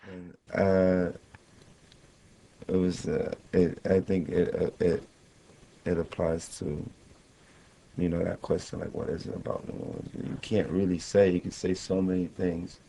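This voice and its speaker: A man in his thirties with a low, mellow voice, thinking aloud in a relaxed radio studio interview. He speaks haltingly and reflectively, circling back with "you know" as he searches for words. A faint hum of room noise sits under the studio recording. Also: creaky, poor audio. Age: 30s. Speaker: guest musician.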